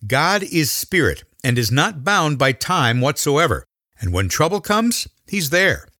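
A man reading a scripted introduction to a sermon program in a measured announcer delivery. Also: on the high side, big pitch swings, bright, forceful tone, no room sound, studio quality.

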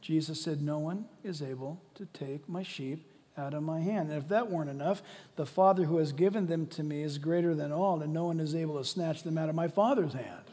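A man preaching a sermon as pastor, swinging from shouting to hushed, quiet lines. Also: a little high, fairly quick. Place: church sanctuary. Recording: long reverb of a large hall.

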